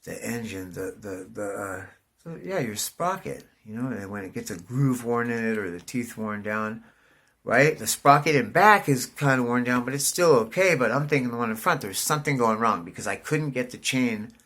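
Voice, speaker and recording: Middle-aged man, casual vlogger, animated and profane storyteller. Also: mid-range voice, normal speed. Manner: profane, rambling, says "dude" constantly; animated, voice jumps up in excitement.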